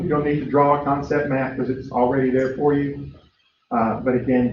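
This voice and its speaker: Captured on a distant mic, a man with a medium-pitched voice delivers a biology lecture. He's chatty, says "uh" a lot, and slips into storytelling complete with acted-out voices. The room echoes, and the audio is dull and lo-fi with a faint hiss.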